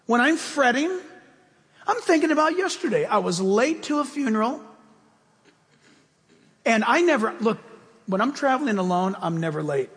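A pastor with a high voice preaches from the pulpit, telling stories animatedly and swinging between loud bursts and hushed asides. His voice carries through a large hall with a long reverb.

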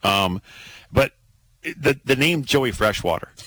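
A man hosting a casual sports talk show, excitable and laughing, with many restarts. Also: medium pitch, slow pace, no room sound, low-quality recording.

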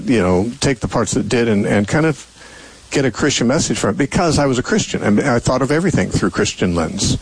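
A man's voice: mid-range voice, husky, low-quality recording. An older man hosting a call-in radio Bible show, answering callers with thoughtful, rambling explanations full of fillers and restarts.

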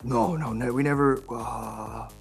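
American actor, 30s, relaxed and joking in a casual press chat; soft music in the background. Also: male voice, medium pitch, unhurried, gravelly, husky. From United States. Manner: laid-back, jokey, says dude a lot. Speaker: actor promoting films.

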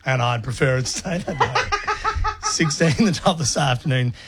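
A man's voice: on the high side, unhurried, heavy background noise. A man hosting a radio show, chatting casually and playfully, laughing as he tells stories. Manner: playful, laughing, animated storytelling. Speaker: radio host.

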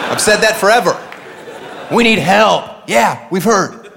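A male stand-up comedian with a sarcastic, deadpan-then-loud delivery, performing live in a comedy club. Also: high-pitched, unhurried, creaky, noisy background. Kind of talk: stand-up routine. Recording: live club set with loud crowd laughter.

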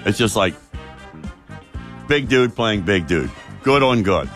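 Animated man hosting studio chat. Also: lowish voice, slow, soft background music. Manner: animated, storytelling, drops into quoted voices. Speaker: morning show co-host.

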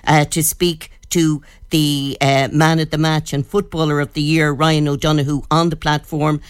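An Irish woman, a radio news editor, reporting in a measured storytelling manner. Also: low voice, no room sound, clean studio sound.

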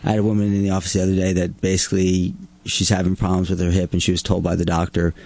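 A man's voice: sits low, completely flat delivery, racing, a little mellow, no echo. A man, a surgeon guest on a radio show, talking casually with frequent restarts. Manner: hesitant, many restarts and fillers.

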